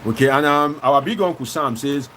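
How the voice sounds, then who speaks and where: Animated Nigerian man hosting a stream. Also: medium pitch, moderate pace, slight background noise. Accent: Nigerian English. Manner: animated, switching into Pidgin phrases. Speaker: host. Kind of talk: live-stream commentary reading viewer comments.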